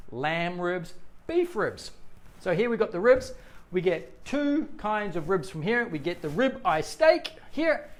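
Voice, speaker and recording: Chatty New Zealand man teaching English. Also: high-pitched. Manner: chatty, reads out viewer comments. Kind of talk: casual livestream lesson.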